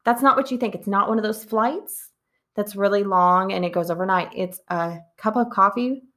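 A woman's voice: medium pitch, normal speed, pushed and bright. A woman co-hosting a podcast in casual chat, rambling along with lots of "like". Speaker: podcast co-host.

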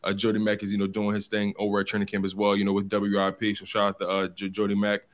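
Low-voiced animated man talking sports. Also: fast. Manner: animated, repeats words while building a point. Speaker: fill-in sports radio co-host. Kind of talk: casual sports talk.

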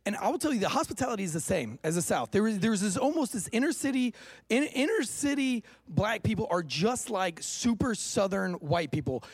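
Host from Florida, chatty and halting; gravelly voice, dry close sound. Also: male voice, sits high, expressive, no room sound. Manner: halting, restarts often, chatty. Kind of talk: casual chat.

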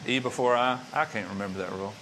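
A man's voice: fairly low pitch, quick pace, a bit bright, slight background noise. A man preaching a sermon as pastor, with an emphatic, repetitive cadence.

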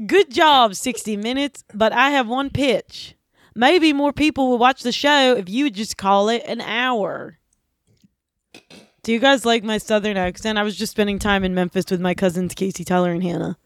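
A woman's voice: medium pitch, normal speed, no room sound, clean studio sound. A woman podcast host doing a jokey mock talk show bit with playful, giggly delivery.

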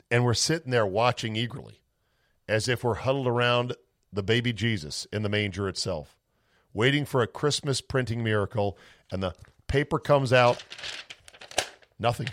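A man's voice: medium pitch, lively intonation, moderate pace, no room sound. A man hosting a sports talk podcast, telling a rambling story in a casual monologue and acting out his family's voices. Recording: dry close-mic home office.

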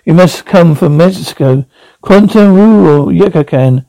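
Man reading an eccentric traveller, fussy and musing, dark, dry sound. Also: fairly high pitch, unhurried, no room sound, low-quality recording.

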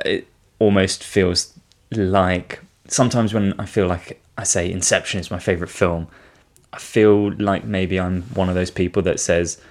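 A man's voice: deep voice, steady tone, moderate pace. A man co-hosting a podcast in casual chat, talking in a hesitant, self-deprecating way. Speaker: podcast co-host.

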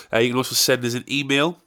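A man's voice: medium pitch, sharp tone. A young man hosting his own podcast, giving a casual, rambling, self-deprecating solo introduction with jokes. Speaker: podcast host.

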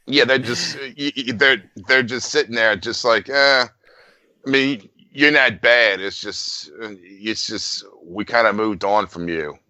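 A man's voice: medium pitch, sharp tone, no echo, low-quality recording. A man co-hosting a casual podcast, swearing and stumbling over his words. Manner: profane, halting. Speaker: podcast co-host.

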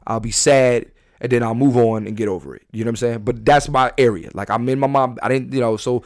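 A middle-aged man hosting a casual podcast, telling stories and acting out the people he quotes with sudden loud jumps. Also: steady tone, fast talker, no room sound, studio quality. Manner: storytelling, acts out quotes with big pitch jumps and shouts. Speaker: podcast host.

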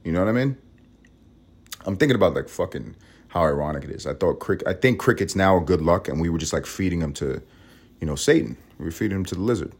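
A man from Puerto Rico hosts a loose podcast monologue in a very deep, gravelly vocal fry. He rambles and swears freely, his voice leaping from loud bursts down to low mutters with lively ups and downs. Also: fast. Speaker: podcast host. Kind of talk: casual monologue.

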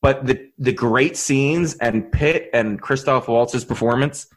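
A man's voice: mid-range voice, slow pace. A man co-hosting a podcast in casual chat, rambling and restarting his sentences, laughing often. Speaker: podcast co-host.

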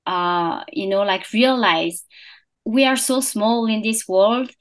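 Young French woman, guest in a casual interview; slow, halting delivery full of fillers. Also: mid-range voice. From France. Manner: hesitant, many fillers and restarts. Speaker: podcast founder, guest.

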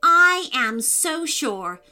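A woman voicing an excitable young girl in a bedtime storybook, squealing and gushing. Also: extremely high pitch, a little slow, faint music behind, pitched above the performer's own voice, heavily acted. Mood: excited. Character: excitable young girl, eager and wish-happy.

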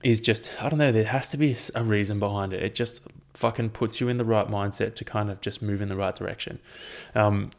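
Rambling, profane Aussie guy, gravelly. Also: fairly low pitch, steady tone, fairly quick. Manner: rambling and profane, with frequent ums. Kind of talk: casual chat.

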